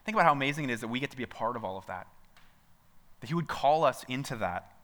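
A man's voice: mid-range voice, expressive, fast talker, fairly bright tone. A man preaching a sermon in a conversational way, asking his listeners questions and often restarting his sentences. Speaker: pastor.

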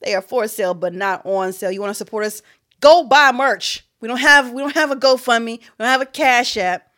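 A woman's voice: fairly high pitch, a little fast. A woman co-hosting a casual podcast, chatty and laughing often. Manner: animated, laughing, reads listener review aloud. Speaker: podcast co-host.

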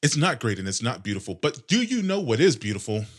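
A young man in his twenties hosting a casual solo podcast, rambling and sarcastic with heavy swearing, his nose congested and clearing his throat. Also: mid-range voice, sing-song, fast. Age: 20s. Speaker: podcast host.

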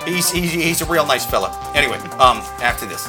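A man's voice: fairly high pitch, expressive, a little fast, few pauses, over music. A man co-hosting a comedy podcast, ranting profanely in casual banter. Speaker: podcast co-host.

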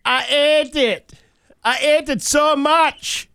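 Radio host doing a high, slow Jamaican drawl, loud comic bit. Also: male voice, steady tone, gravelly, slight background noise, full character voice. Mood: mock gloomy. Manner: slow, drawn-out, sing-song comic delivery. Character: man in a put-on Jamaican voice.

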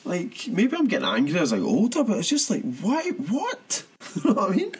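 Animated rambling man. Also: high-pitched, rapid-fire, slightly rough. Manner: rambling, animated, frequent restarts and laughs. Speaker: podcast co-host. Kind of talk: casual football chat.

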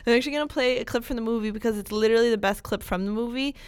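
A woman's voice: on the high side, racing, smooth, dry recording. A woman co-hosting a podcast, chatting casually about movies and laughing easily. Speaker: podcast co-host.

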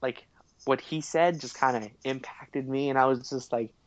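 A man's voice: medium pitch, fairly even intonation, normal speed, no echo, muffled recording. A young man in casual podcast chat, rambling with many fillers and frequent laughs. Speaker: podcast co-host.

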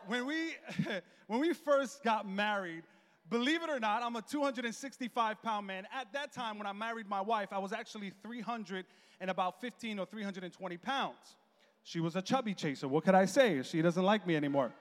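A man in his thirties preaching in a church, telling a comic story with animated, jokey delivery and acted-out quotes. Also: high voice, normal speed. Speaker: pastor. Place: church hall. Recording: long reverb in a large hall.

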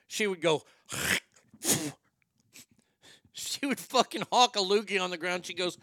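Crude, punchy middle-aged comedian. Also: male voice, fairly high pitch, moderate pace, long pauses, no room sound, studio quality. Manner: crude, animated, acts out quotes. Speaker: stand-up comedian. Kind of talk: stand-up storytelling.

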